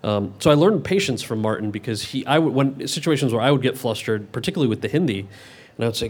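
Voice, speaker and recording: A man's voice: medium pitch, animated, fast talker, breathy edge. A man in his thirties answering audience questions at a Q&A, rambling and correcting himself as he goes. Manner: rambling, self-correcting, many restarts. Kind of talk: Q&A event.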